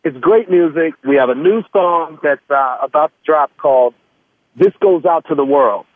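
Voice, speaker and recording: A man's voice: a little high, normal speed, no room sound. A man who is a musician, a guest in an interview, speaking earnestly and spelling out names and web addresses. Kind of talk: casual interview talk. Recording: tinny dry phone line.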